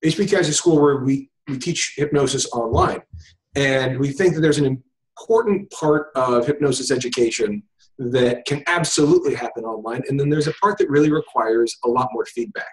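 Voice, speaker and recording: A medium-pitched man speaks at a moderate pace in a low-quality video call recording. As a hypnosis instructor giving a conversational interview, he's relaxed and thinks aloud, often filling pauses and starting over.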